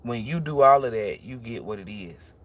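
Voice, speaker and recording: A man's voice: medium pitch, lively intonation, moderate pace, a bit bright. A man who reads tarot, talking bluntly and casually on a livestream and preaching about energy with plenty of swearing. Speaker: tarot reader.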